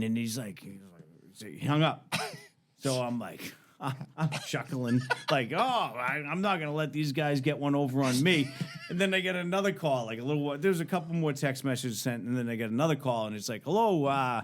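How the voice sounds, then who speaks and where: A man's voice: medium pitch, animated, moderate pace. A man in his thirties, a podcast guest, telling a story in casual chat, swearing freely and acting out both sides of phone calls.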